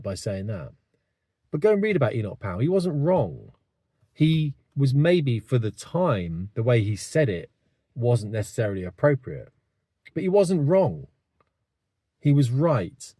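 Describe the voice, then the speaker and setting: A man's voice: medium pitch, big pitch swings, moderate pace, dark tone, slightly rough, no echo, studio quality. A man, delivering a rambling, blunt opinion monologue to camera with many asides. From England. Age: 50s. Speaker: vlogger.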